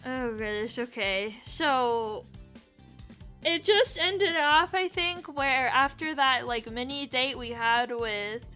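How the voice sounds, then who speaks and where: A woman's voice: high-pitched, takes it slowly, bright, forceful tone, soft background music. A woman streaming a game live, chatting and giggling as she reacts to chat.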